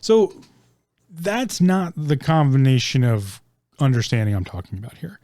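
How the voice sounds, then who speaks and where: A man's voice: mid-range voice, sing-song, measured pace, mellow, dry recording, clean studio sound. A man hosting a solo podcast, rambling with many ums and restarts, casually swearing as he searches for words. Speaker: podcast host.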